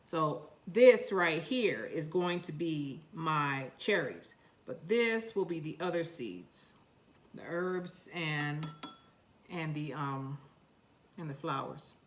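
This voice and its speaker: A woman's voice: deep voice, expressive, takes it slowly, slight background noise. A woman with a New York accent, chatting to herself and her seeds while planting them in a casual gardening vlog. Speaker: gardening vlogger.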